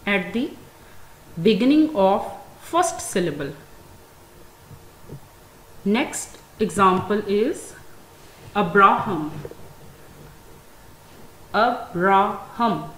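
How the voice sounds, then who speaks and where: A woman with a Pakistani English accent, teaching an English class, speaking very slowly and deliberately and stressing each example word. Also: medium pitch, animated, fairly bright tone. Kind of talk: classroom lecture. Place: school classroom. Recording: echoey room, faint ambient noise.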